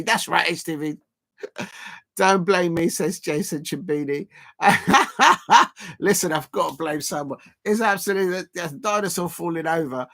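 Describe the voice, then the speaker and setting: A man's voice: on the high side, gravelly, a bit bright. Chatty man hosting a livestream. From South London. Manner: rambling, chatty, reads and answers viewer messages. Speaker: livestream host. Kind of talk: live football watchalong chat.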